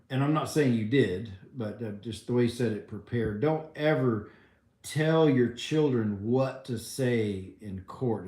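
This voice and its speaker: A man's voice: medium pitch, a little mellow, roomy sound. A man hosting a livestream, reading viewer comments and answering in a rambling, wry way full of ums and restarts. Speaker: livestream host answering chat.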